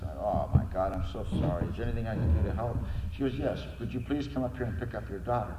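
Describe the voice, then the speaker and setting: A man's voice: fairly low pitch, fast. A middle-aged man giving a personal recovery testimony, earnestly telling his story and acting out the dialogue in it. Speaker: recovery meeting speaker. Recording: echoey hall with noise.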